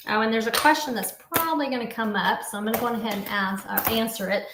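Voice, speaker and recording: A woman's voice: on the high side, fast talker, roomy sound, very noisy. Chatty woman demonstrating crafts. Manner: chatty, explains step by step while working. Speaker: papercraft instructor.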